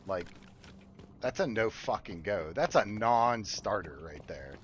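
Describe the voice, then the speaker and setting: Gamer dad, low voice with a lively swinging pitch, cusses bluntly, game noise and gunfire behind. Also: male voice, unhurried, lo-fi sound. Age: adult parent. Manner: profane, blunt and emphatic. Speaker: streamer. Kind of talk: casual chat while gaming. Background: game ambience and gunfire.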